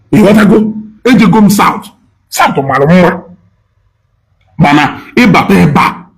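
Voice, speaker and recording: A man's voice: a little high, low-quality recording. A man with a Nigerian Igbo accent giving an impassioned, scolding lecture, switching between Igbo and English and repeating his points for emphasis. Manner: preachy, scolding, emphatic repetition. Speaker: speaker addressing diaspora.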